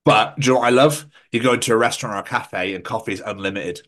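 A man's voice: on the low side, fast talker, fairly bright tone. A young man from England co-hosting a podcast in casual, sweary, rambling chat, often laughing and slipping into mock voices. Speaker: podcast co-host.

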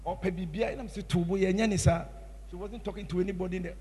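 Impassioned Ghanaian preacher in a reverberant hall. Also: male voice, sits high, steady tone, fast talker, husky. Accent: Ghanaian English. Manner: impassioned, swinging from hushed to shouted. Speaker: pastor. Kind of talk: sermon.

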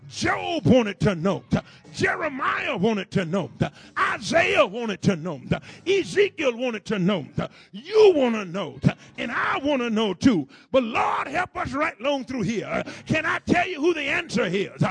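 High, gravelly-voiced fervent male preacher. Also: very animated, moderate pace, a bit bright, dry recording. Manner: fervent, rhythmic preaching with repetition and call-and-response. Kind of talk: sermon.

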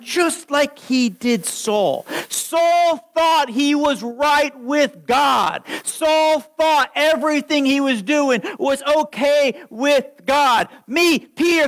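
A man preaching a sermon, telling his own testimony with animated storytelling that swings from hushed lines to loud ones. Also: extremely high pitch, slow pace, hardly any pauses, rough recording. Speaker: pastor.

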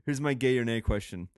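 A man riffs on a talk show, full of swearing and quick laughs as he rambles through his point. His voice sits mid-pitched and plain. The mic is close and dry, with no room around him. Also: no echo. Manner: profane, rambling, laughs often. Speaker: podcast co-host. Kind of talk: crude casual banter.

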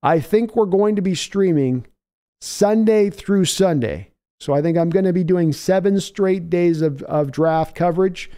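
A man's voice: high voice, measured pace, dark tone. A man hosting a casual livestream, rambling, chatty and self-deprecating as he answers chat. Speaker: livestream host.

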